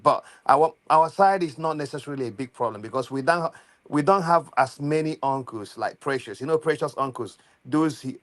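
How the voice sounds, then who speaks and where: A man with a mid-range voice chimes into a panel discussion. He speaks in a friendly, teasing way, in relaxed conversational talk. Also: medium pitch. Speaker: panel guest. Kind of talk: casual political chat.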